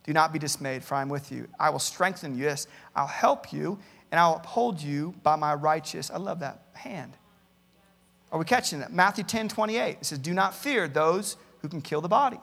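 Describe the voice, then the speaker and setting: Gravelly-voiced pastor preaching in a hall. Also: male voice, on the high side, moderate pace, fairly bright tone. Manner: earnest preaching, reads many Bible verses aloud, repeats words at starts. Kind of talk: sermon. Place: church campus, large hall.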